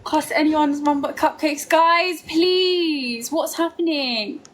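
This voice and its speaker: A young woman livestreaming late at night, chatting excitedly and dramatically with her viewers. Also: sits high, takes it slowly, a little hiss or hum. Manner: excitable, dramatic banter with chat.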